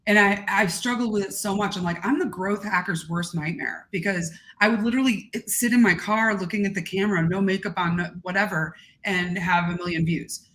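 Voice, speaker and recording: A gregarious, expressive woman talking casually as a podcast guest. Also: mid-range voice, fairly quick, few pauses. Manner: gregarious, animated, expressive talker. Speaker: guest content creator.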